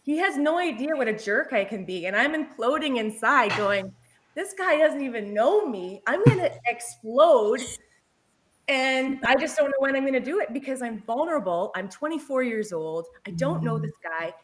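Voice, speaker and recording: A woman in her forties, a paramedic, telling a work story in casual chat, lively and often laughing. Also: on the high side, a little fast, hardly any pauses.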